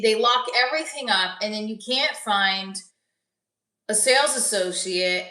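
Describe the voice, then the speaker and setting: A woman's voice: fairly high pitch, a bit bright. Rambling woman comic on an echoey stream. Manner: rambling, self-interrupting, jokey. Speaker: comedian hosting a livestream. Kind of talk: casual chat with live chat. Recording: echoey room, voice a bit far from mic.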